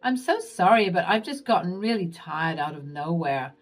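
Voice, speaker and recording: A woman voicing a scheming older mother-in-law who talks slowly in a honeyed, falsely sweet way. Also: lowish voice, lively intonation. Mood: evasive. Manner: slow, syrupy, honeyed.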